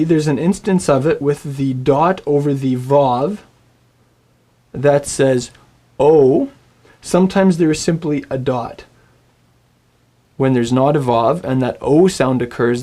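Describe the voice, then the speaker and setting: A man's voice: medium pitch, mellow. Guy teaching hebrew vowels, friendly and encouraging, medium voice, has you repeat words after him. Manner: friendly, encouraging, models pronunciation aloud. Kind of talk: recorded language lesson.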